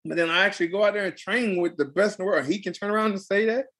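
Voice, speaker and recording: The voice is high and the pace quick: a young adult man, a pro fighter, shares a story in a laid-back interview. His delivery is lively and forceful, with phrases repeated for effect.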